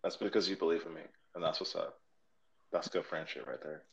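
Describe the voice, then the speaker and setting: A man's voice: low-pitched, fairly even intonation, a little fast, vocal fry, rough recording. A man in casual chat as a podcast co-host, joking and swearing loosely. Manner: loose, profane, joking banter.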